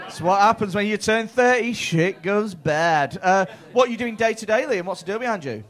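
A man's voice: high voice, expressive, normal speed, a bit bright. A man in his thirties doing stand-up crowd work in a comedy club, chatty and sweary with stammering restarts. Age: 30s.

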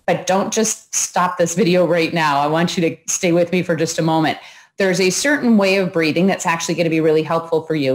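A woman host talking viewers through a breathing exercise in a calm, instructive way, pausing as she guides each breath. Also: lowish voice. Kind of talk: coaching talk to viewers.

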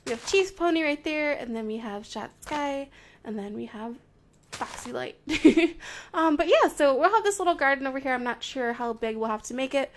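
High-pitched young woman chatting over her minecraft game, bubbly and gushy, squeals then goes all quiet. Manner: bubbly, gushing and playful, quick swings between excited squeals and soft murmurs. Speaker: Minecraft video creator. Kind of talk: casual gameplay commentary.

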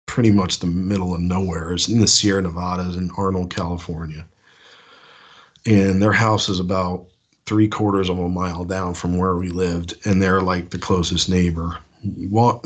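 Husky-voiced man telling a story. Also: low-pitched. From United States. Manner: rambling, many "like" fillers, acts out his own past lines. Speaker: caller sharing an encounter. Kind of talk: casual spoken storytelling.

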